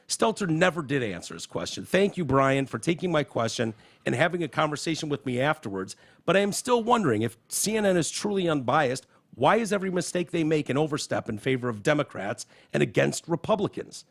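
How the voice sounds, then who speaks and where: A male podcast host with a gravelly, rough edge to his voice. He talks fast and animated, with his pitch leaping up and down and a lot of casual swearing. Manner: animated, profane, reads quotes aloud. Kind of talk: casual political chat. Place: podcast studio.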